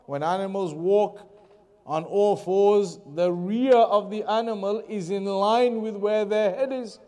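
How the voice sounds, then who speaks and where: A man teaching a Quran commentary lesson, reading passages quickly in Arabic, then explaining them slowly in English with repetition. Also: sits high, a little mellow. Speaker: Islamic teacher.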